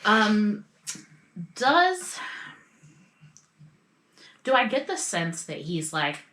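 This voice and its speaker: A woman's voice: mid-range voice, sing-song, extremely slow, a bit bright. A woman playing a tabletop role-playing game, talking casually and tentatively, as if thinking aloud. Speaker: player. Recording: echoey room.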